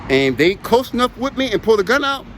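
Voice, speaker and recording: High, lively-voiced man rambling on a walk. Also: fairly quick, a little hiss or hum. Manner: rambling, emphatic, repeats himself. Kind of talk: casual chat while walking. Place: outdoors on a walk.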